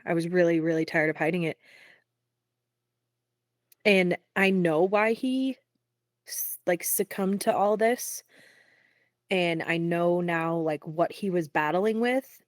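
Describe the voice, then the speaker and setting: Candid low-voiced woman songwriter. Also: dry recording, studio quality. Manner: frequent "like" fillers, quick laughs. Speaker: singer-songwriter guest. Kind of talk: candid casual interview.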